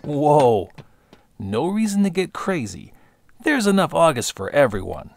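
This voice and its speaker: A man's voice: on the high side, very animated, unhurried, creaky, darkish tone, no echo, clean studio sound, exaggerated voice. A man voicing a cocky, vain young pilot with a smug, brash way of talking, over background music.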